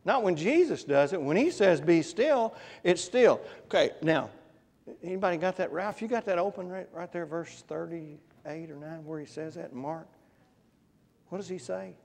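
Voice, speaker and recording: A man's voice: on the high side, normal speed, creaky, a little mellow, in a large hall. A man preaching a conversational sermon, often putting questions to his congregation. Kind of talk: interactive Bible class sermon. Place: church.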